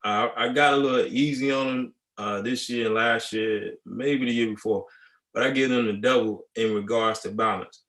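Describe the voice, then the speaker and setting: A male high school band director giving a relaxed, conversational masterclass talk, acting out students' replies. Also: normal speed. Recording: echoey room.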